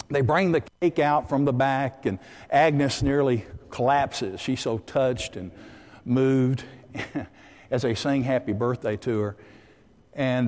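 A male preacher tells a story from the pulpit and acts out the voices of its characters. His voice sits at an ordinary middle pitch. A long reverb trails behind him, as in a large church hall. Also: takes it slowly. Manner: animated storyteller acting out quoted voices. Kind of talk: sermon storytelling.

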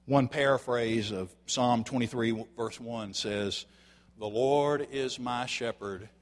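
An older man preaching a folksy sermon to his congregation, dropping to quiet asides and rising to shouted emphasis. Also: mid-range voice, slow, big-room sound. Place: church sanctuary.

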